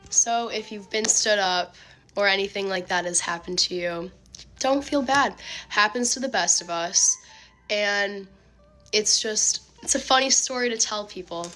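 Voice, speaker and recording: A young woman casually telling a personal dating story, chatty and animated, full of filler words. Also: mid-range voice.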